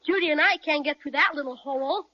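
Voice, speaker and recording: A woman playing an excitable young boy who speaks in eager exclamations, in a radio play on a dull lo-fi recording. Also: sits high, quick pace. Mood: excited.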